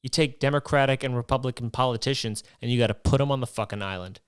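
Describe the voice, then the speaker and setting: On a studio-quality recording with no room sound, a young man hosts a podcast and rants comically, swearing a lot, rambling, and asking rhetorical questions. He has a smooth, mid-range voice and talks quickly.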